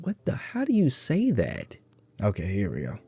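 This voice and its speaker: Dude doing a goofy stock vlog, low mellow voice, bit of music under it. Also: male voice, wildly swooping pitch, moderate pace, breathy edge, no echo. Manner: goofy, rambling, self-mocking asides. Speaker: stock market YouTuber. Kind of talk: casual, jokey stock commentary.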